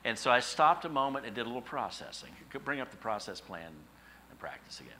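A middle-aged male pastor preaching a sermon, telling stories with emphatic, animated repetition. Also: medium pitch, quick pace, slight background noise, low-quality recording.

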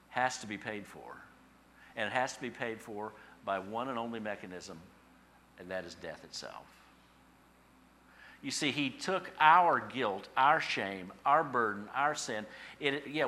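Male pastor, sermon; bright, forceful tone; drops to a hush, then builds with repetition. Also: mid-range voice. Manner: dynamic, swings from hushed to emphatic; repetitive, preacherly cadence.

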